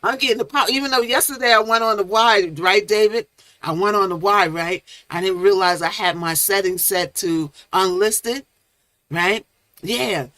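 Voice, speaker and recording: A woman's voice: medium pitch, normal speed, fairly bright tone, dry recording. A woman hosting a casual live stream, chatting with viewers by name and coining playful made-up words. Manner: chatty, reads chat names aloud, playful made-up words.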